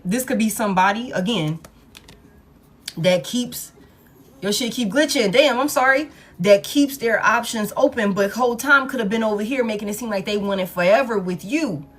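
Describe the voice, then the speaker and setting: A woman gives a casual collective tarot reading to her viewers. She talks bluntly, swears freely and keeps hammering her points home by repeating them. Her voice sits at an ordinary middle pitch for a woman. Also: normal speed, fairly bright tone, slightly rough. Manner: blunt, profane, repetitive emphasis. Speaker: tarot reader.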